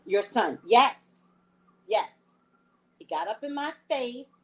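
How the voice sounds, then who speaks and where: During a live reading chat, a middle-aged psychic reader tells a story in an animated, emphatic way. Her voice is on the high side, and she speaks slowly.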